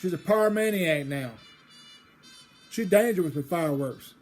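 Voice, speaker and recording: A woman telling a family story in a rambling, casual way, getting loud and excited as it builds. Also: lowish voice, moderate pace. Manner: rambling, restarts, grows loud and excited in the retelling. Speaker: storyteller host. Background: faint background music.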